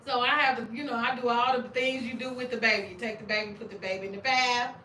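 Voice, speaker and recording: A middle-aged woman from Arkansas, hosting a casual chat, animated and laughing often with loud exclamations. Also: fairly high pitch, fast talker, slight background noise. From Arkansas, USA. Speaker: channel host. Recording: roomy sound, distant from mic.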